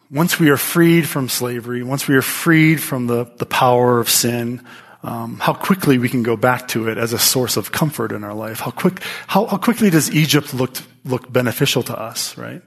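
A man preaching a sermon, telling Bible stories in a lively way, with many rhetorical questions and quick restarts. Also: medium pitch, breathy edge. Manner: animated storytelling with frequent restarts and rhetorical questions. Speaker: pastor.

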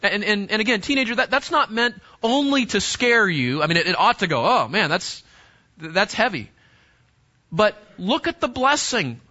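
Emphatic preacher man, high bright voice. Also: expressive, a little fast, hardly any pauses. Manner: emphatic, repeats words, restarts. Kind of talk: sermon to teenagers. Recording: dull lo-fi sound.

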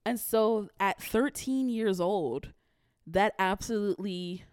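A woman's voice: medium pitch, takes it slowly, a little mellow, clear, resonant tone, no room sound. Candid young woman, dry close mic. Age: young adult. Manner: emotional, fighting tears, blunt and profane. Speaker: podcast host. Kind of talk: candid personal monologue.

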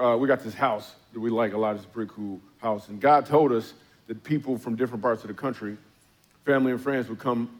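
Man telling comic stories on a church stage. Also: mid-range voice. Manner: conversational storyteller, acts out his own and others' lines. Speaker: comedian preaching at a church service. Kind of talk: stand-up comedy storytelling.

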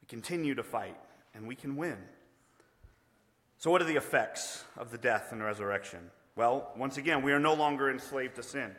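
A man's voice: mid-range voice, normal speed, fairly bright tone. A man preaching a sermon, earnest and emphatic in a conversational way. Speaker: pastor. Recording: long reverb of a large hall.

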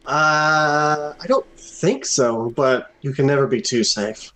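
A man's voice: a little high, expressive, slow pace, a bit bright, low-quality recording. A man playing a tabletop game, making dry, sarcastic jabs. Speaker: player. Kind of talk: casual tabletop play.

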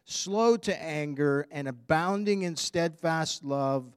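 A man's voice: fairly high pitch, takes it slowly, clear, resonant tone, dry recording, clean studio sound, pitched above the performer's own voice. A man reading the lines of an angry, despairing prophet in a pleading, indignant tone.

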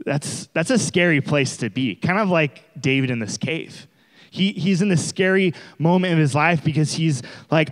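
A man's voice: fairly high pitch, moderate pace, big-room sound. Chatty young man preaching casually. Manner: conversational, animated, acts out quoted voices. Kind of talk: casual sermon.

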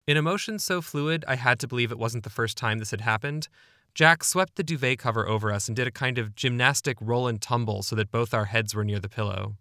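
A man's voice: medium pitch, a little fast, bright, forceful tone, no room sound, clean studio sound. A young man narrating his own memoir in a wry, self-deprecating, conversational way. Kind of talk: memoir storytelling.

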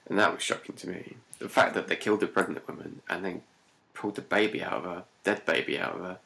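A man's voice: deep voice, fairly even intonation, fast talker, vocal fry, pushed and bright. A man in casual chat about films, laid-back and chuckling as he talks.

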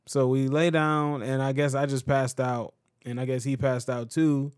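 A man's voice: medium pitch, level tone, moderate pace, no room sound, studio quality. A man co-hosting a casual podcast chat, a father telling stories, acting out voices and laughing often. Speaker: podcast co-host; father of a toddler.

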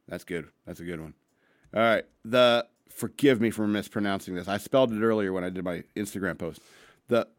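A man's voice: mid-range voice, expressive, brisk. A man hosting a show, ranting bluntly with crude language and reading news stories, a bit tipsy after some beers. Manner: blunt, crude, rambling with restarts. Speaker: podcast host.

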